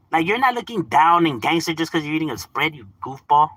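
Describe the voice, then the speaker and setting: A man's voice: fairly high pitch, big pitch swings, moderate pace, long pauses, fairly bright tone, breathy edge, dry recording. A man streaming a game, ranting casually in profane street slang with mock exasperation and frequent laughter. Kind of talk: casual live-stream rant.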